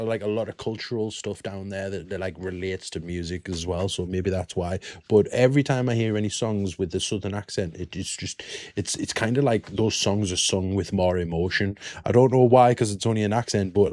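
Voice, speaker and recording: A British man hosting a reaction video, chatting excitedly and poking fun at himself. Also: lowish voice, no echo. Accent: British English. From England. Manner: excitable, self-mocking, chatty. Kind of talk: casual reaction commentary.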